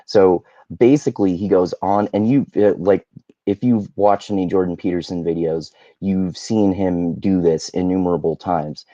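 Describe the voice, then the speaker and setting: A man's voice: low voice, steady tone, normal speed, dark tone, no echo, muffled recording. A man hosting his own channel, chatting casually through a book review with a rambling, self-correcting, wry manner. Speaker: YouTube host.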